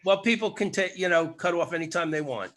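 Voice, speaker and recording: A man interviewing a speaker, asking gentle prompting questions. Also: high-pitched, expressive, fairly quick, a crowd in the background.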